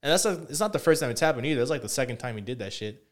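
Fast-talking profane young man. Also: mid-range voice, expressive. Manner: profane, rambling storytelling. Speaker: podcast co-host. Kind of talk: casual chat.

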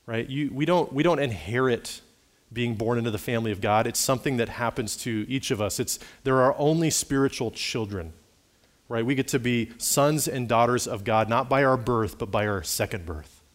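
A man's voice: medium pitch, moderate pace. A man, a pastor preaching a sermon and reading a quoted conversion testimony aloud with rising emphasis.

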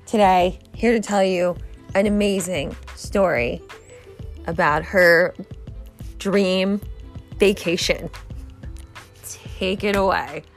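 A woman hosting her own video, excitedly introducing a guest and wrapping up with advice. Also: on the low side, takes it slowly, pauses often, faint music behind. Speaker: vlog host. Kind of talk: casual chat.

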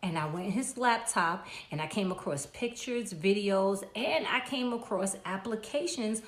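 A woman's voice: mid-range voice, moderate pace, reverberant, slight background noise. A woman telling a dramatic personal story, acting out each voice in it. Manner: lively, acts out every voice in her story. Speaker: storyteller in a reaction clip. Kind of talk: animated storytelling.

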